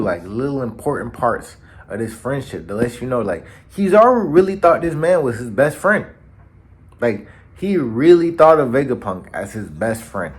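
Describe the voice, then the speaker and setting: A man hosting a casual recap in an animated, slangy storytelling manner. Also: medium pitch. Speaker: anime channel host. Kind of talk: casual manga chapter recap.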